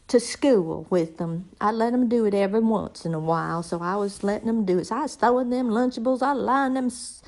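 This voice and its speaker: A middle-aged woman spins a rambling, chatty comic tale, her voice sitting a little high. She talks in a folksy, easygoing way, as if chatting with friends. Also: darkish tone. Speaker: storyteller. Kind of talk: casual comedic storytelling monologue.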